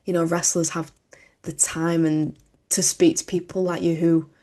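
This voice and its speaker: A woman's voice: on the low side, little pitch movement, normal speed, warm tone. A woman hosting a podcast, encouraging her guest with short replies and casual questions. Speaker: podcast host. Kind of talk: casual interview chat.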